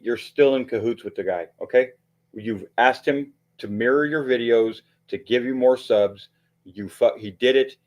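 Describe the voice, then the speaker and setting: Low-voiced guy ranting on his stream, lots of swearing, keeps restarting his sentences. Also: a little mellow. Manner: profane, heated, rambling with restarts. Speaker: livestream commentator. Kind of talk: ranting livestream commentary.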